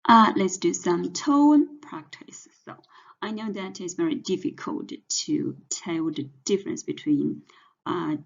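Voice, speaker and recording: A woman's voice: fairly low pitch, creaky, breathy edge. A woman teaching pinyin pronunciation, patiently spelling out each sound and then blending the sounds together. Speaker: Chinese language teacher. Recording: dull, muffled lo-fi audio.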